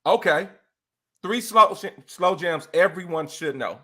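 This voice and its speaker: Brief: lively, bright-voiced man, chatty guest, breaks into song snippets. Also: high voice, takes it slowly. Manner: animated, laughs often, sings snippets of songs. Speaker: interview guest, R&B enthusiast. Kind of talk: casual chat.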